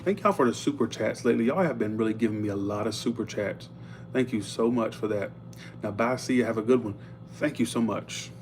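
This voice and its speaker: A man's voice: on the low side, fairly quick, a little hiss or hum. Chatty, blunt man reading tarot. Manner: chatty and blunt, thanking viewers for tips. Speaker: tarot reader. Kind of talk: casual live tarot reading.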